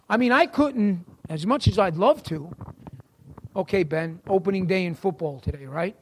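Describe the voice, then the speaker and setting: A man's voice: high-pitched, expressive, normal speed, slight background noise. A middle-aged man with a New York accent teaching a church class in a folksy sermon style, talking to listeners by name.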